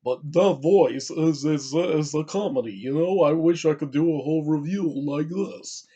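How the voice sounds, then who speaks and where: A man voicing a brainy male gremlin in a slow, affected put-on British accent. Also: on the high side, warm tone, husky, muffled recording. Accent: put-on Oxford British.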